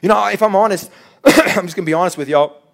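A man in his thirties preaches with a notably high voice. He talks candidly and conversationally, acting out little quotes as he tells his stories from the pulpit. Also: fast talker, vocal fry, fairly bright tone. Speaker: pastor. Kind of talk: sermon.

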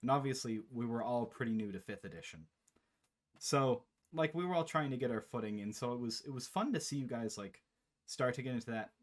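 Young male host and game master; loose, rambling, animated storyteller on a call. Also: mid-range voice, brisk. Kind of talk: casual chat, recapping a campaign. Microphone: online call.

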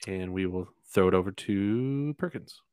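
A man's voice: low voice, normal speed, a little mellow, clean tone, no room sound, studio quality. A man hosting a casual sports podcast, talking with many fillers and restarts. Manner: hesitant, lots of fillers and restarts. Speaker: podcast host.

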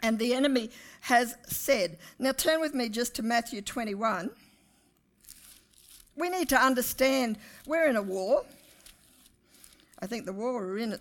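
A woman preaches to her church, her fairly high voice lifting to loud peaks on key lines. She speaks straight to the congregation and draws them into an animated sermon. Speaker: pastor.

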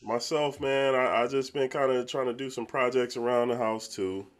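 A man's voice: medium pitch, steady tone, moderate pace. A man co-hosting a podcast in casual, laid-back chat, often tagging "man" onto his lines. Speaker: podcast co-host.

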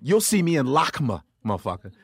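Man, comedian guest, casual storytelling, profane and animated, dry close studio mic. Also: medium pitch, brisk, vocal fry, slightly rough, no echo.

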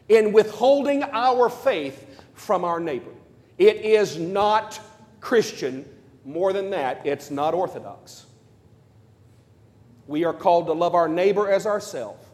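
A priest preaching at a conference, emphatic and telling stories with playful asides. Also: male voice, high voice, lively intonation, measured pace. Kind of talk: conference sermon. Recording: long hall reverb.

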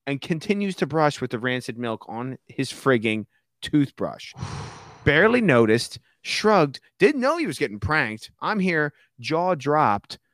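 A man's voice: on the high side, unhurried, no room sound, studio quality. A man, a podcast guest, telling a prank story in casual chat and acting out the voices of the people in it. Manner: animated storyteller, acts out quoted voices.

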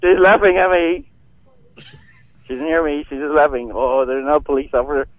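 A man calling in by phone while walking out of a concert, excitable and rambling, laughing often. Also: on the high side, normal speed, no echo. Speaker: caller. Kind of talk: phone call from outside a concert. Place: outdoors leaving a concert. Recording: dull lo-fi phone line.

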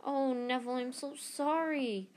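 A woman's voice: high voice, measured pace, a little mellow, pitched above the performer's own voice. A woman reading aloud and voicing an anxious, clever schoolgirl with an earnest, fretful manner. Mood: miserable.

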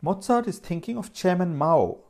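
A man's voice: high voice, expressive, normal speed, darkish tone, voice pushed up. A man reading as a cool, bluffing young man. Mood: bold. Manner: casual, composed.

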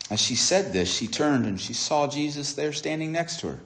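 A man preaching a sermon, retelling a story dramatically and acting out its dialogue with swings between soft and raised delivery. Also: a little high, lively intonation, moderate pace, few pauses, echoey room.

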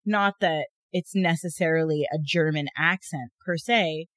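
A woman's voice: deep voice, a little slow, a bit bright, no room sound. Chatty woman podcast co-host, dry mic. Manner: chatty, laughs often, many fillers. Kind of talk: casual chat.

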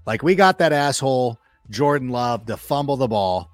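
Animated man telling sports stories in a studio. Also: mid-range voice, moderate pace, no room sound, soft background music. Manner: animated storyteller, acts out quoted remarks, swears freely. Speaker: guest football analyst. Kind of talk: casual sports chat.

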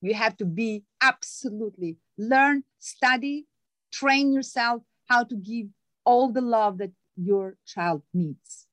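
A woman's voice: slow pace, no echo. Emphatic motivational woman, dry sound. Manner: acts out quoted voices with big pitch jumps. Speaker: guest author. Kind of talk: conversational interview.

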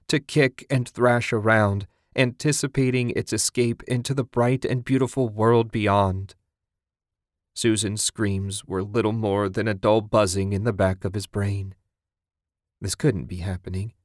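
A man reading a dark short story aloud in a grave, measured way. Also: fairly low pitch, no room sound, studio quality. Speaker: narrator. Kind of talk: scripted dark story narration.

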